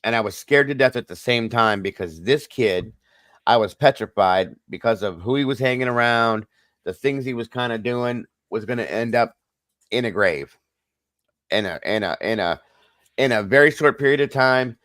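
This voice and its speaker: A man's voice: mid-range voice, moderate pace, a bit bright, no room sound. A middle-aged man hosting a casual livestream chat, telling a personal story earnestly and talking straight to his viewers. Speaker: host.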